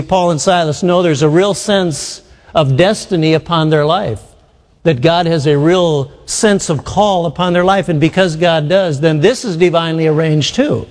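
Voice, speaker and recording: A man's voice: on the high side, a little mellow. Preaching man in a reverberant hall. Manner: rhetorical questions, emphatic with slow drawn-out phrases. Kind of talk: sermon.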